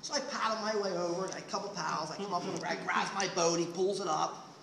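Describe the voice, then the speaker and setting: A man's voice: sits high, fairly even intonation, quick pace, gravelly, reverberant, heavy background noise. A man telling a comic story live, rambling with many fillers and restarts.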